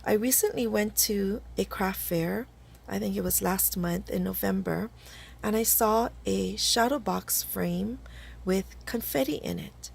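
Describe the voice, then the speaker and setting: A woman hosting a casual craft video from home, talking through her projects in a chatty, slightly halting way while hoarse from a cold. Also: mid-range voice. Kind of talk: casual craft tutorial chat.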